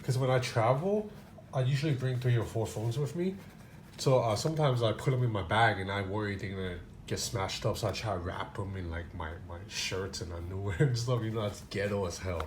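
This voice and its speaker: A man's voice: lowish voice, brisk, a little hiss or hum. A man reviewing a gadget in a casual unboxing, talking loosely with many fillers and restarts.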